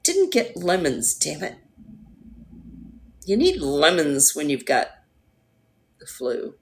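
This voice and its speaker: A woman hosting a livestream, chatting casually with viewers in a rambling way, her voice hoarse and going. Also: deep voice, huge pitch swings, slow pace. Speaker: livestream host. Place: at home.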